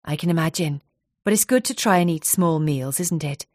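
A woman voicing a kind hairdresser who speaks gently and reassuringly. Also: sits low, moderate pace, no echo, clean studio sound. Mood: gentle.

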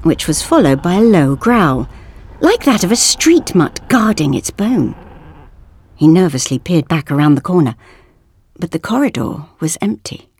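A woman reading a science-fiction story aloud in a measured, expressive way. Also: lowish voice, breathy edge. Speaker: audiobook reader. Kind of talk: scripted narration.

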